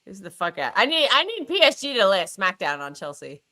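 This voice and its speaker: Woman yelling at the match on stream, swears a lot, pitch jumps all over, bright voice. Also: fairly quick. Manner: excitable, swears freely, reacts to every play. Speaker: livestream co-host watching a football match. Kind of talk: live match watchalong commentary.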